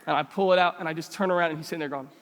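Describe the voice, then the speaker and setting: A man's voice: on the high side, rapid-fire, a little hiss or hum. A man preaching a sermon as pastor, telling funny stories and asking the congregation pointed questions. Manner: animated, humorous storytelling with many rhetorical questions. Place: church sanctuary. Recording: long church hall reverb.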